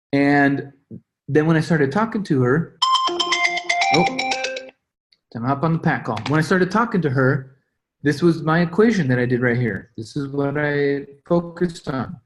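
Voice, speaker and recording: A young man with a fairly high, lively voice runs a sales team call at a slightly slow pace. He coaches with energy in a motivational style, acting out his own calls and texts.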